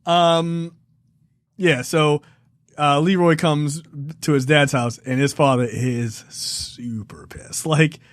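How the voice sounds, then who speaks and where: A man's voice: on the high side, fairly even intonation, takes it slowly, no echo, clean studio sound. A man co-hosting a film review podcast in loose, profane casual chat, laughing and acting out lines from the show. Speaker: podcast co-host.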